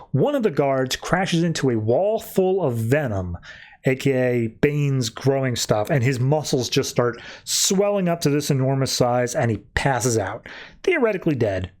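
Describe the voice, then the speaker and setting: A man's voice: mid-range voice, a little mellow. Casual man recapping a comic. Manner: retells scenes by acting out quick character voices. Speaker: podcast host.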